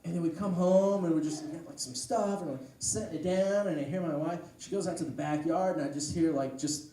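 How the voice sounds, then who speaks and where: Rambling stand-up comic in echoey room. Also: male voice, a little high, fairly quick. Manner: rambling storytelling with deadpan asides. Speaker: stand-up comedian. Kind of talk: stand-up comedy set. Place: comedy club stage. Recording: echoey room, distant mic, noise. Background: audience laughter.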